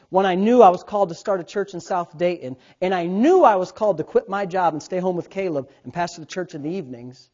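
Animated storytelling pastor, muffled sound. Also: male voice, high-pitched. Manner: storytelling, animated swings from quiet asides to loud, laughing bursts. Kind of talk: sermon. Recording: dull lo-fi sound.

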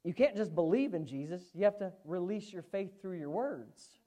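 A woman preaching a sermon, emphatic, swinging from hushed asides to loud, fervent exclamations. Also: on the low side, lively intonation, moderate pace, hardly any pauses.

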